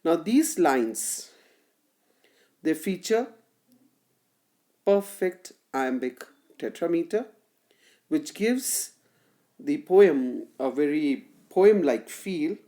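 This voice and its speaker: A woman delivers a literature lecture at an unhurried pace. Her pitch moves lively up and down as she breaks ideas into short, careful phrases and stresses key syllables. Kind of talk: recorded classroom lecture.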